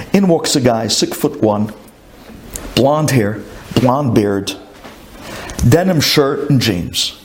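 A man's voice: mid-range voice, darkish tone, a little hiss or hum. A man, a rabbi, telling a story to a group, acting out his own thoughts with rhetorical questions and Hebrew and Yiddish words. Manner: sprinkles in Hebrew and Yiddish terms.

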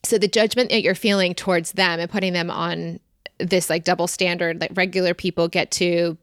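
A woman hosts a solo podcast and answers listener questions in a calm, steady flow, often repeating a word to stress it. Her voice sits on the low side for a woman. The sound is dry and close, with no room around it. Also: moderate pace, dry recording. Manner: calm, flowing explanation with repeated emphasis. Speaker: podcast host.

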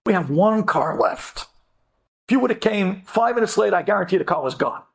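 A woman's voice: mid-range voice, lively intonation, moderate pace, vocal fry, husky, pitched below the performer's own voice. A man voicing a firm, matter-of-fact female rental car clerk.

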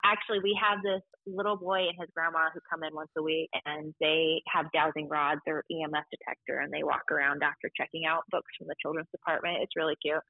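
A woman who works at a library, telling stories casually in an interview, animated and full of quoted voices. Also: deep voice, fairly quick, hardly any pauses, dry recording, phone-quality sound. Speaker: library staff member.

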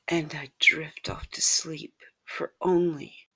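A woman narrating an intimate story in a whispered role-play, with a slow, breathy manner. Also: deep voice, steady tone, a bit bright. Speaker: erotic audio narrator.

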